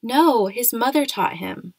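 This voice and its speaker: Woman doing a bright, helpful schoolgirl, eager, slightly gravelly, dry sound. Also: a little high, lively intonation, takes it slowly, no echo, voice pushed up, full character voice. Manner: eager, scolding when upset. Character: friendly, earnest ten-year-old schoolgirl.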